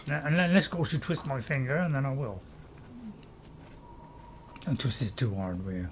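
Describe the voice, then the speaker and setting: A man's voice: medium pitch, sing-song, normal speed, slight background noise. Man, casual game commentary, joking and self-mocking, faint game sounds behind. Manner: chatty, joking, self-mocking, tries silly voices. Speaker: gameplay commentator. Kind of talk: casual let's play commentary.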